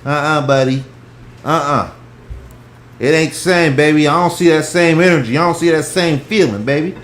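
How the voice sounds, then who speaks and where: A man hosting a heated casual stock chat, profane and worked up, swinging between loud outbursts and hushed asides. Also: fairly high pitch, fairly quick, slight background noise. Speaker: stock talk show host. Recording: echoey room.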